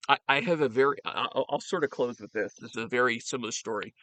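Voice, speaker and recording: A man co-hosting a casual chat, telling a story in an animated way with stammering restarts. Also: mid-range voice, fast talker.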